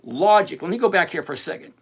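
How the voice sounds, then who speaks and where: Loud animated guy running a livestream, highish voice, calling out chat names. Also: quick pace, breathy edge. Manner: brash, animated and teasing, reading chat names aloud. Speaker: livestream host answering chat questions on covered-call trading. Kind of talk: live-stream chat.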